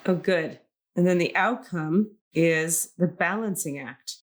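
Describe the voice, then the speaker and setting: A middle-aged woman co-hosting a spiritual podcast, reading card messages aloud in a calm, soothing cadence. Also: fairly low pitch, takes it slowly. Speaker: podcast co-host reading intuitive cards.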